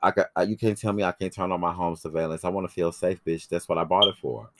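Very deep-voiced man, brash and profane. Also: fast, dry recording. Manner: brash, profane, animated storytelling. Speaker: podcast host. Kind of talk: casual chat.

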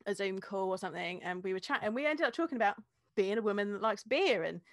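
A woman who teaches beer tasting talks energetically as a guest in a casual interview. She laughs often and acts out examples as she goes. Her mid-pitched voice is recorded dry, with no room sound. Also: expressive, quick pace, no echo.

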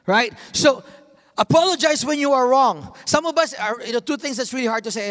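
A man in his thirties preaching a sermon, telling family stories with lively, acted-out quotes. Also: very high voice, a little fast. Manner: animated storytelling, acts out quotes. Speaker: pastor. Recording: long hall reverb.

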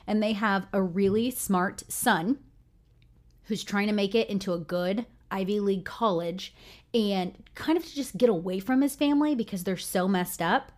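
A woman's voice: mid-range voice, normal speed, darkish tone. A young adult woman co-hosting a podcast in casual chat, chatty and upbeat. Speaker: podcast co-host.

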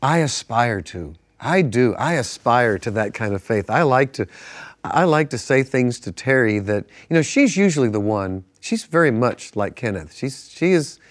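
A man's voice: mid-range voice, big pitch swings, moderate pace. Earnest male pastor teaching scripture. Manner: earnest, reads scripture with rising emphasis. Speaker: pastor, co-host. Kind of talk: Bible teaching in casual studio chat.

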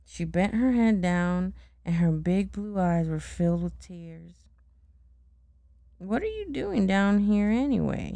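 A mother reading a bedtime story aloud to her child, gently and unhurried, with chatty asides. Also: lowish voice, creaky, dry recording.

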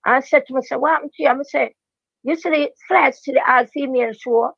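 High-voiced older Jamaican woman storyteller. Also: quick pace, gravelly, slightly rough, dry recording. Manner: animated patois storytelling, emphatic repetition. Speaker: veteran dancehall DJ, guest. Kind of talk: storytelling interview. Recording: dry, dull lo-fi sound.

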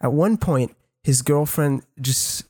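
A man's voice: a little high, slow pace, mellow, slightly rough, dry recording, clean studio sound. A young man telling a rambling, profane story in casual podcast chat. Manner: rambling, profane, laughs while telling stories. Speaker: podcast co-host.

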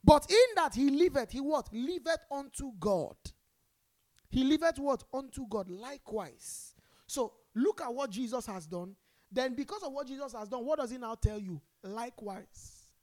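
A Nigerian pastor preaches a sermon in a voice on the high side. She calls on the congregation to respond and swings between loud emphasis and quiet asides.

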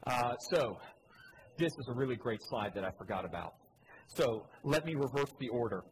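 A man preaching a sermon, repeating key phrases, asking the congregation questions, and swinging between loud emphatic lines and low quiet ones. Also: expressive, normal speed, a little hiss or hum, rough recording. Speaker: pastor. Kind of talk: sermon with slides.

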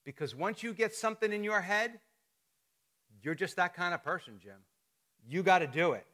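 A middle-aged male pastor with a high, bright voice gives a sermon in a church. He tells stories in a chatty, conversational way and jokes with his congregation. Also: expressive, normal speed. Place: church sanctuary.

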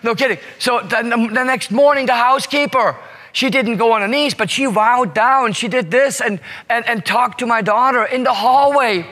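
A man telling a story to an audience in an animated way, full of rhetorical asides. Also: high voice, fairly quick. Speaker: speaker. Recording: long hall reverb.

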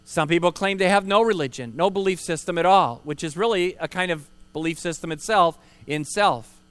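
A man's voice: high-pitched, fairly quick, fairly bright tone, clear, resonant tone, no echo. A man, a pastor preaching a sermon at an outdoor park service, earnest and emphatic, asking rhetorical questions and repeating key words.

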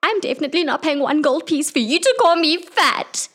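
A woman's voice: sits high, expressive, brisk, fairly bright tone, voice pushed up. A woman voicing a touchy, dramatic customer at a buffet, speaking in indignant, theatrical bursts in a tabletop game.

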